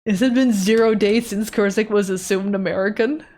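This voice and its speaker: A European woman streams her art live, casually chatting, voicing viewer messages, and teasing them with humor. Her medium-pitched voice is a little mellow, with fairly even intonation at a moderate pace.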